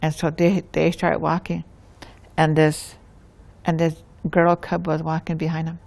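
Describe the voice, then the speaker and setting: A woman with a Lakota accent telling a traditional tale in an unhurried way, often restarting phrases. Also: low voice, monotone, creaky, a little mellow. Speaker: storyteller. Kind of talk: oral storytelling.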